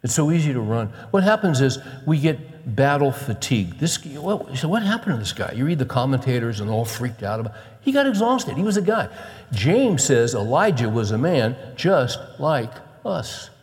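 Very animated and at an ordinary pace, a man preaches in a chatty way, moving from offhand comments to strong encouragement. Scripture passages are read in a low voice. A long reverb tail follows him.

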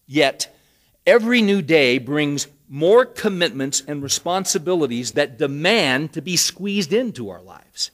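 A man delivering a sermon in a slightly higher-than-usual voice. He tells his story with rising emphasis and a dry sense of humor. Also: lively intonation, a little slow. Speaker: pastor.

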